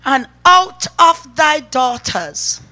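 Woman preacher, high and bright, slow emphatic call-and-response delivery. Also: very animated. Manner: emphatic, urging the congregation to respond. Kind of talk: sermon.

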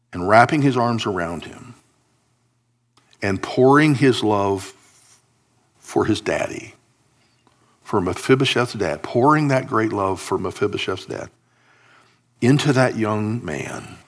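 A man's voice: fairly low pitch, animated, takes it slowly, long pauses. A man preaching a sermon, telling a scripture story expressively and acting out the quoted lines.

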